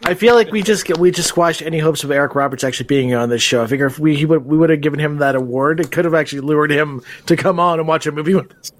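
A man co-hosting a casual podcast, rambling through a funny memory with restarts and loud laughter. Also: a little high, quick pace, hardly any pauses. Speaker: podcast co-host.

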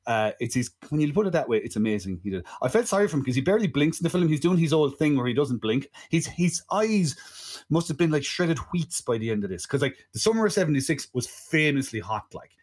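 A man's voice: on the high side, big pitch swings, fast, hardly any pauses, a little mellow, slightly rough. An Irish man co-hosting a casual film-review podcast, chatting in a digressive way with frequent "right?" asides. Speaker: podcast co-host.

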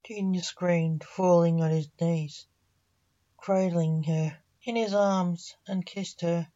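A woman reading a dark fantasy story aloud as a storyteller, keeping an even reading manner with little change between the characters. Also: lowish voice, takes it slowly, dull audio. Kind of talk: scripted story narration.

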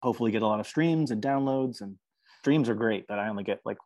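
A man's voice: on the low side, quick pace, darkish tone, dry recording. A man, a musician guest on an interview podcast, talking in an earnest, chatty way and laughing often. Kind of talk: casual interview chat.

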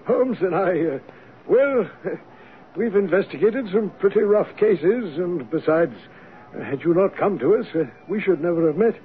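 An actor voices a flustered, loyal male doctor who also narrates a radio drama, speaking in a fairly high voice with lively intonation and no hurry. His manner is hesitant and stammering. The tinny, lo-fi broadcast carries a faint hiss.

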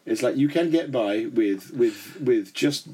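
A man's voice: mid-range voice, expressive, unhurried, mellow, husky. A tipsy man co-hosting a comedy podcast, rambling and giggling as he repeats his words. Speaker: podcast co-host. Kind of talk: drunken comedic chat.

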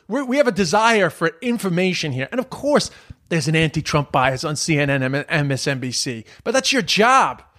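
A man with a noticeably high-pitched voice delivers a heated political rant. He sounds exasperated and swears freely as he talks. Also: fairly bright tone. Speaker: commentator.

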